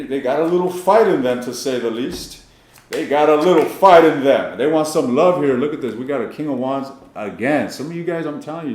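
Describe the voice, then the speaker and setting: A man's voice: medium pitch, a little hiss or hum. Male tarot reader, brash and foul-mouthed, teasing tone, echoey room. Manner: blunt, brash, swears freely, teasing. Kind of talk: profane tarot reading to camera.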